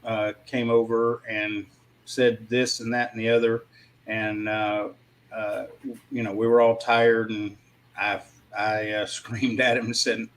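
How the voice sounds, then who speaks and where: A man in a casual panel discussion, speaking in a reflective way with frequent pauses. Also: fairly low pitch, little pitch movement, poor audio.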